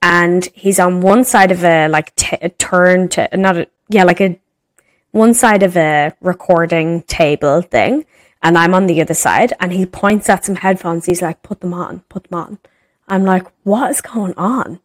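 A young woman co-hosting a podcast, telling stories in casual chat with lots of swearing and acted-out quotes. Her voice sits a little low, and the sound is dry and close. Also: unhurried, no room sound. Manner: animated, swears freely, acts out quotes. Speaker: podcast co-host.

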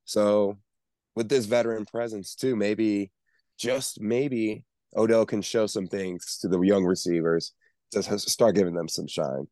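Low-voiced male co-host, rambling casual sports talk, dry close sound. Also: fairly even intonation, a little slow, warm tone, dry recording. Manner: rambling, stumbles over words. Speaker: podcast co-host.

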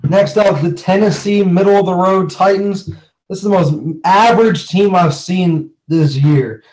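A young man co-hosting a casual sports podcast, animated and slangy, laughing often as he talks. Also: high-pitched, unhurried, rough recording. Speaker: podcast co-host.

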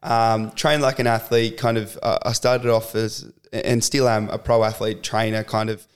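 Young Australian male guest, relaxed and chatty, heavy on slang and fillers. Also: on the low side, moderate pace, smooth. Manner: laid-back, lots of fillers and slang. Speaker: podcast guest. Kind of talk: casual chat.

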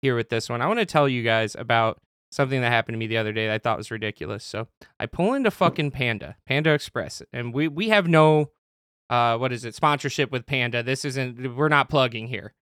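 A man hosting a podcast and telling a story in casual chat, animated and swearing often. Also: mid-range voice, quick pace, smooth, dry recording, studio quality. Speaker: podcast host. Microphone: podcast mic.

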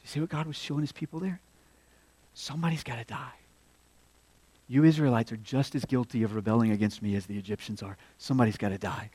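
A man preaching a sermon, working through a scripture passage, raising his voice to act out quotes and dropping low for key points. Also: fairly even intonation, fast, husky. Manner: expository preaching, acts out quotes with rising pitch and volume; drops to hushed tones on key points.

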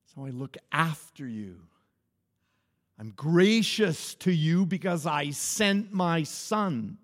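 A man voicing God, hushed and kindly. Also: on the high side, animated, takes it slowly. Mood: gentle. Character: gentle male God whispering kindly. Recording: echoey hall.

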